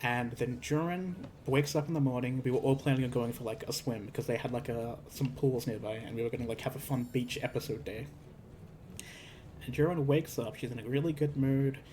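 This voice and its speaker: A streamer with a brisk, darkish mid-range voice casually tells the story of a tabletop game session. He rambles with lots of fillers and restarts and acts out the characters, with slight background noise behind him.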